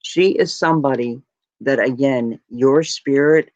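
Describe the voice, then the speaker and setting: A woman's voice: extremely low pitch, a little slow, darkish tone. A woman talks on a live stream in a heartfelt, rambling way, full of gratitude and close to tears. The sound is dry, with no room echo. The audio is a little muffled and lo-fi. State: tearing up. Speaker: jewelry live stream host. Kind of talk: casual live stream chat.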